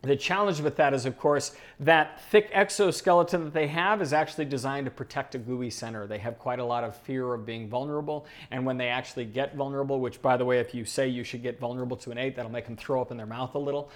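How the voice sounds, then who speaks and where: A man giving an animated teaching talk, telling stories with asides and chuckles. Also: medium pitch, fast talker, few pauses. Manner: lively storytelling with asides and chuckles. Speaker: speaker on personality types.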